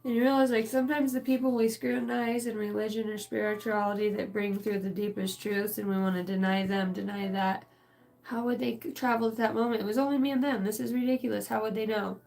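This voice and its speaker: A woman's voice: mid-range voice, fairly even intonation, brisk, gravelly, darkish tone. A woman giving a casual channeled spiritual reading, rambling and emotional, swearing freely.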